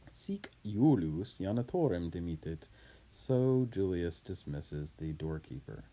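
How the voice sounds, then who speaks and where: Deep, slow, dark-voiced man teaching Latin. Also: big pitch swings. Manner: deliberate, explains word by word. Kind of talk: reading and explaining a Latin text.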